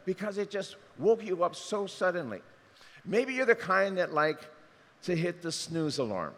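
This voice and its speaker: A man preaching a sermon, animated and acting out the voices he quotes. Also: sits high, a little slow, big-room sound. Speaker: pastor.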